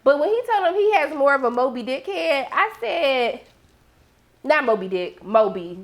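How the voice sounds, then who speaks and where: Sassy, animated woman recapping TV. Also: high-pitched, normal speed. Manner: animated, sassy, acts out reactions to the characters. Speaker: TV recap host. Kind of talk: casual recap commentary.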